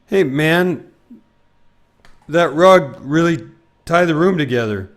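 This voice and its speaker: Casting note: a mellow slacker dude with a lazy drawl, weakly put on by a man. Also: fairly high pitch, expressive, slow, voice pushed up. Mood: laid-back. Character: laid-back slacker dude, adult man.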